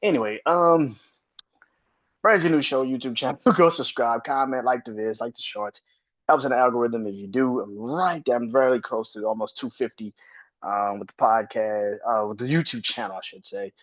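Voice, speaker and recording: A man in his thirties hosts a casual solo sports podcast with a mid-range voice. He rambles and swears, and his voice spikes up in pitch when he gets worked up. The recording sounds a little dull and lo-fi. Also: normal speed, a bit bright. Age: 30s. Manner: loose and profane, rants with sudden high-pitched outbursts. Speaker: podcast host.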